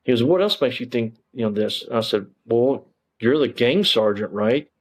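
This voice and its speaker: A man's voice: medium pitch, expressive, moderate pace. A middle-aged man, telling his story as an interview guest, bluntly and emphatically, with plenty of cursing and fillers. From Texas.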